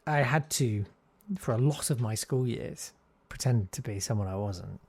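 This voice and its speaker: Middle-aged male comedian from Southeast London; posh, friendly voice, self-deprecating interview storyteller, mid pitch. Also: normal speed, darkish tone, husky. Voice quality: friendly-sounding voice. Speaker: guest comedian. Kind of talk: casual interview chat.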